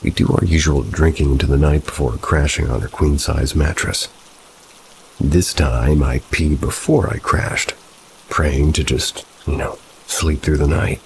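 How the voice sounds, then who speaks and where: A man narrating first-person horror stories in a low, steady, measured reading. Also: gravelly, rough recording. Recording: soft rain noise behind. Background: rain.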